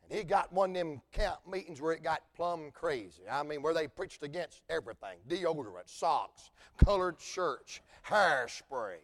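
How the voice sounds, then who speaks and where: High-voiced preacher, folksy and shouting. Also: male voice, expressive, moderate pace. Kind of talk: sermon.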